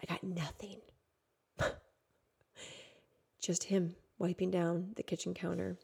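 A woman in her thirties hosting a podcast, telling a raw personal story in an intimate way, swinging from hushed to loud. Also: fairly low pitch, level tone, slow, vocal fry, breathy edge. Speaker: podcast host.

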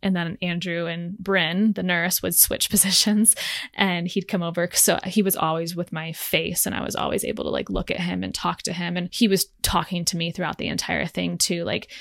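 A young woman tells her own story on a podcast, frank and chatty, breaking into laughs. Her voice sits a little low with a gravelly edge. The recording is dry and close. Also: fairly bright tone, dry recording. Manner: candid, laughs often, many likes. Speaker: podcast host. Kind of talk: personal storytelling.

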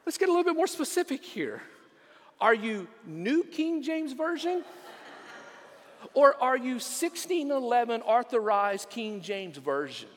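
A pastor voicing an overeager man on a bridge who fires off excited questions. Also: extremely high pitch, in a large hall, pitched above the performer's own voice, heavily acted. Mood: gushing. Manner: gushing, rapid-fire questions.

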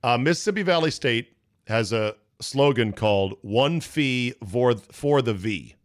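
A man hosting a sports talk show, casual and profane, riffing quickly with his co-host. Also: mid-range voice, lively intonation. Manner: brash, profane, rapid riffing.

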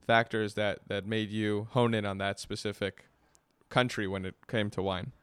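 Smooth-voiced man asking curious questions. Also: fairly low pitch, flat delivery, moderate pace, a bit bright, dry recording. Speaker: interviewer host. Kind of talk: interview questions.

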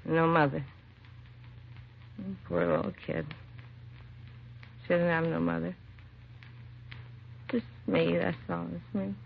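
A woman's voice: fairly low pitch, very animated, takes it slowly, gravelly, pauses often, a little hiss or hum, heavily acted. An actress playing a drunk, grieving young mother in her late twenties, weary and slurring, in an old radio crime drama. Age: late 20s. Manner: slurred, weary, self-accusing. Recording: dull lo-fi old radio recording.

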